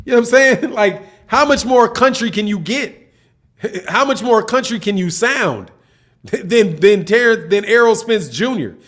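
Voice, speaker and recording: Casual male host, higher voice, slangy, laughs a lot, chatty livestream. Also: expressive, measured pace, fairly bright tone. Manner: laughs often, slangy, repeats "man". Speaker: boxing channel host. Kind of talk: casual livestream chat reading comments.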